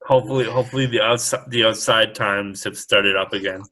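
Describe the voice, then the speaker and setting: A man chatting casually on a podcast, giving slow, brief responses. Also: lowish voice, steady tone, bright, forceful tone. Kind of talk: casual chat.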